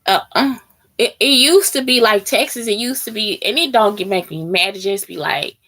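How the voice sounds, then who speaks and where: A woman's voice: medium pitch, moderate pace, a bit bright. A woman hosting a casual chat, answering question prompts bluntly and with lots of swearing, talking straight to her listeners. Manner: blunt and heavily profane; talks straight to listeners as "y'all".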